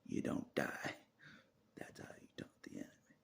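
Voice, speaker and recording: Gravelly deep-voiced man rambling to camera. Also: big pitch swings, normal speed, in a whisper. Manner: swings from loud outbursts to low muttering with frequent laughs. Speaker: vlogger. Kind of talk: rambling solo monologue to camera. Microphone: camera mic.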